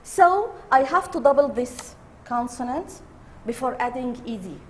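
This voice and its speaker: Slow-talking woman teacher. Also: sits high, animated, slight background noise. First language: Arabic. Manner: slow, repeats key words, switches into Arabic to explain. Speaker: English teacher. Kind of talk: online grammar lesson.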